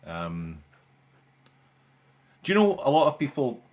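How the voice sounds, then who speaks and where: A man's voice: medium pitch, huge pitch swings, slow, a little mellow, slight background noise. A young man hosting a live stream in casual chat, with dry, sarcastic humour and a rambling way of talking. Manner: rambling, with frequent restarts and fillers.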